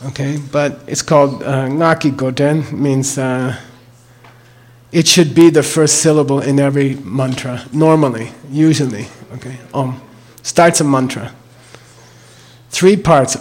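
A man's voice: medium pitch, fairly even intonation, darkish tone. An older man teaching the sounds and meaning of a mantra, spelling words out and checking in with "okay?" after each point. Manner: slow and deliberate, repeats words and checks with "okay?".

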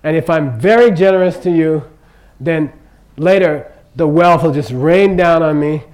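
An older man leads an informal Buddhist teaching, his voice sitting a little high for a man. He talks loosely and with humor, drifting into asides and repeatedly checking in with the room. The delivery is conversational rather than preached. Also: a little slow, a little mellow, rough recording. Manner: chatty, joking, checks in with "okay?" constantly.

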